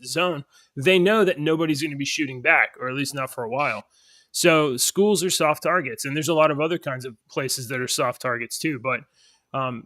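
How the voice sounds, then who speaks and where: Bright-voiced blunt podcast host man. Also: fairly high pitch, no echo, clean studio sound. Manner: opinionated, blunt. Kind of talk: casual chat and news commentary.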